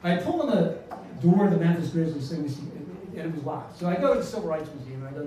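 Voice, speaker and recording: A man's voice: on the high side, sing-song, fast, dark tone, slight background noise. An older man telling a self-deprecating comic story on a live stage, chatty and full of asides. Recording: echoey room, mic far off.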